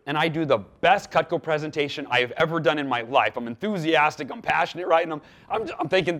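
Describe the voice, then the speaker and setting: A man guest on an interview show, telling a story in a lively way and acting out the quoted dialogue. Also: a little high, fast, hardly any pauses. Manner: animated, acts out quoted dialogue with lively swings in loudness. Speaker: podcast guest.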